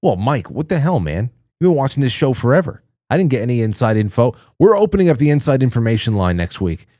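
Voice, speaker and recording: Brief: middle-aged male host, loose profane banter, mellow tone, dry close sound. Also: mid-range voice, sing-song, quick pace, dry recording. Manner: loose, profane, joking, mock-prim voices. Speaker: talk show host. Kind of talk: casual chat reading listener comments.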